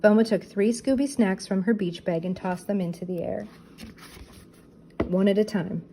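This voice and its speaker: Woman narrator for a children's chapter book; steady storybook delivery, mellow tone. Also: mid-range voice, normal speed, a little hiss or hum, rough recording. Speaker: storybook reader. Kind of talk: reading a children's book aloud.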